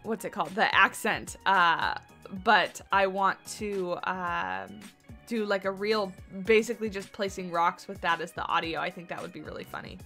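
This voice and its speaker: A woman's voice: medium pitch, lively intonation, moderate pace, bright, forceful tone, faint music behind. A tired woman chatting casually and thinking aloud as she builds during a game livestream, greeting viewers by name. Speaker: game streamer. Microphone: desk mic on boom arm.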